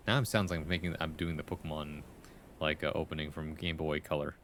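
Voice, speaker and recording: A man's voice: sits low, fairly quick, fairly bright tone, slight background noise. A man streaming live, reading a viewer's poem aloud and giving playful feedback, humming rhythms and often adding "right?". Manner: playful, reads poems aloud, hums rhythms, tags questions with "right?".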